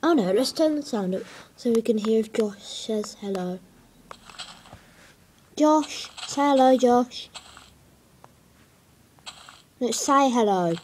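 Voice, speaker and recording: A woman's voice: on the high side, lively intonation, a little slow, pauses often, a little mellow, a little hiss or hum. A woman giving casual gameplay commentary, hesitant and rambling with many fillers. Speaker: gaming video creator.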